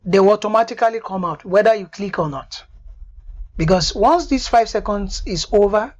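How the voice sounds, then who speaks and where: A woman giving a screen-recorded software tutorial, stopping often to check that the viewer understands. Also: medium pitch, moderate pace, highs cut off. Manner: repeatedly checks "do you understand that now?".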